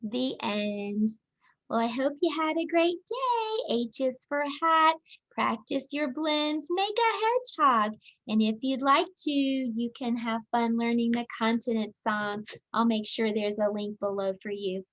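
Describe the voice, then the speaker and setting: A woman teacher reads a children's picture book aloud in a slow, clear, expressive way. Her voice sits fairly high. The recording sounds dull and lo-fi. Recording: dull lo-fi audio.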